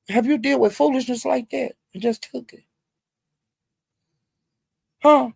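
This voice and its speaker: A woman riffing on a livestream, talking straight to her chat and laughing between lines. She curses freely, jumps from loud outbursts to low muttering, and her voice sits close and dry with no room sound. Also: unhurried, gravelly, pauses often, slightly rough, dry recording. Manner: talks straight to chat viewers by name, laughs a lot, heavy cursing. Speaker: livestream host. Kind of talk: casual livestream commentary.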